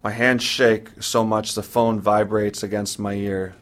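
A man narrating a personal story in the first person, in a somber, measured way. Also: lowish voice, little pitch movement, a bit bright.

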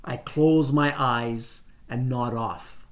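A man reading a first-person short story aloud in a measured, deliberate way. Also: mid-range voice, steady tone. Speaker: reader.

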